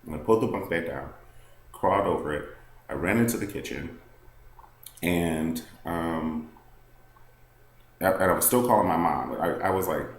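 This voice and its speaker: A man with a remarkably low, deep voice tells a personal story straight to the camera. He rambles candidly, leaning on "like" and "um" as he goes. The sound is roomy and echoey, with a faint hum of noise underneath. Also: normal speed, pauses often. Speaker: vlogger.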